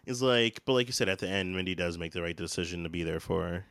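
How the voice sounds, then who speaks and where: Guy podcast cohost, kinda low voice, umms and trails off, dry close sound. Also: quick pace, a bit bright, dry recording. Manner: hesitant, trails off, fillers and restarts. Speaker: podcast co-host. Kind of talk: casual TV episode recap chat.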